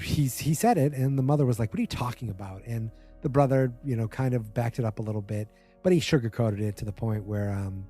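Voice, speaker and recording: A man hosts a podcast and recaps a TV episode in a loose, rambling way, tossing in quick acted-out quotes. His voice is mellow and darker in tone, at a middling pitch. Faint music plays behind him. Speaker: podcast host.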